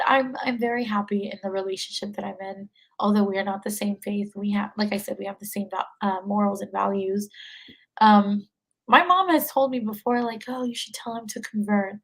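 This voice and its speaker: Gravelly-voiced young woman, hesitant and chatty. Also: medium pitch, moderate pace, low-quality recording. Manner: hesitant, many fillers, laughs often. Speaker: guest. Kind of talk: casual conversation.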